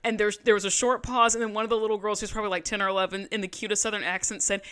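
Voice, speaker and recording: A young woman co-hosting a podcast in casual, animated chat, swearing freely and laughing often. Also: medium pitch, rapid-fire, clean tone. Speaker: podcast co-host.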